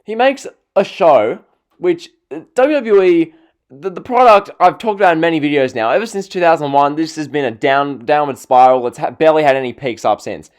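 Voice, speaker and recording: A man's voice: on the high side, brisk. A man hosting a wrestling vlog, ranting in an exasperated tone and sighing in frustration. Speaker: wrestling vlogger. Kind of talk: ranting opinion video.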